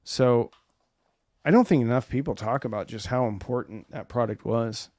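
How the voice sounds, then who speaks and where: A man's voice: medium pitch, normal speed, a little mellow, dry recording. Casual male live-stream host, forties, rambling chat, dry close sound. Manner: rambling, reads viewer comments aloud.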